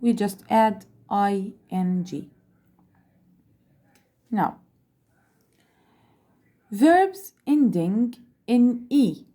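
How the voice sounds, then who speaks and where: A woman teaching an English grammar lesson, speaking slowly, repeating words and spelling out letters. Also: mid-range voice, animated, warm tone. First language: Arabic. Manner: slow, repeats and spells out letters, switches into Arabic to explain.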